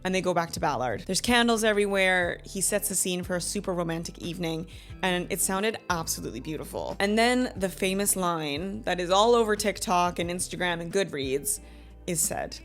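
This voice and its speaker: A woman in her thirties hosting a book club review in a chatty, animated way, laughing often and acting out quotes. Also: on the low side, a little fast, soft background music. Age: 30s. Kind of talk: casual book review chat.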